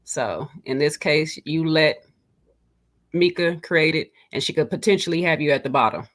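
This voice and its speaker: A woman on a podcast panel, speaking in a measured way and teasing her co-hosts playfully. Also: sits low, lively intonation. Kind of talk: casual panel discussion.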